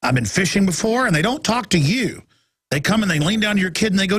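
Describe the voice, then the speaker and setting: A man in his forties delivers a ranting talk radio monologue, now and then mocking people in high put-on voices. His voice is gravelly and husky. He sits close to a dry studio mic with faint music beneath. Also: animated, quick pace, fairly bright tone, no echo. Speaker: radio talk show host.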